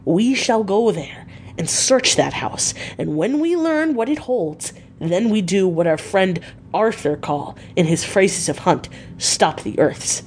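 A woman's voice: medium pitch, animated, slow pace, darkish tone, a little hiss or hum. Woman doing an old foreign professor, earnest. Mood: urgent persuading. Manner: earnest, coaxing, with broken formal English. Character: elderly foreign male professor, earnest vampire hunter.

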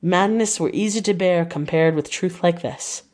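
An elderly Dutch professor, put on by a woman reading an audiobook, grave and earnest, lecturing in stiff, broken formal phrasing. The voice sits a little low and weighty. He pleads and explains with slow solemnity. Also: darkish tone, lightly acted. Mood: pleading.

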